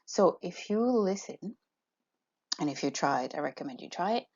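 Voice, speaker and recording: A woman teacher explaining in a clear, step-by-step way and reading examples aloud with a steady beat. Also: on the low side, normal speed, dull audio. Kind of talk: recorded classroom lesson.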